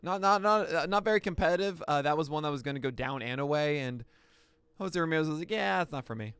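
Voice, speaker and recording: Man, excitable pitching analyst, slightly high voice, dry recording. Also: quick pace, clean tone, dry recording. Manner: excitable, bursts into shouts and laughs. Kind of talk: excited play-by-play pitch breakdown.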